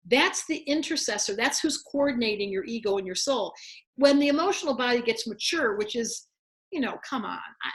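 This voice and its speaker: Woman teaching astrology to a group, animated, slips into little voices, a bit high-pitched. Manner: animated, acts out inner voices. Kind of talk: lively spiritual talk to a group.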